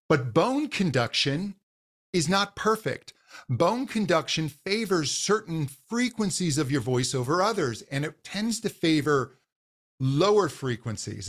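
A man, a voice coach guest on a podcast, patiently explaining how the voice works and demonstrating exercises. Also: fairly high pitch.

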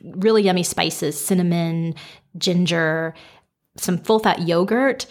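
Relaxed middle-aged woman, lowish voice. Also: slow. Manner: relaxed, conversational, with many fillers. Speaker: podcast co-host. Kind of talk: casual chat.

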